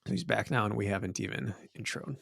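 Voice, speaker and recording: A man's voice: fairly low pitch, a little fast, creaky, a bit bright, no room sound. Teasing man who laughs a lot. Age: adult father. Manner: teasing, laughs often, explains with conviction. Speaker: podcast co-host. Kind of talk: casual podcast banter and topic intro.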